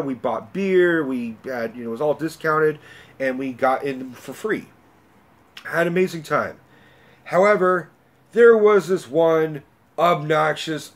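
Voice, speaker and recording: Guy doing a casual movie review rant, swears a ton, rambles, talks a lot, regular mid voice. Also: mid-range voice. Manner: profane, rambling and talkative. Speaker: vlogger reviewing a film.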